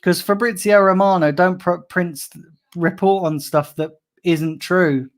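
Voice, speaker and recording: A man's voice: sits high, a little slow. Fuming man ranting on stream. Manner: angry, swearing, ranting. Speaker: football fan live streamer. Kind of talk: live stream rant reading chat comments.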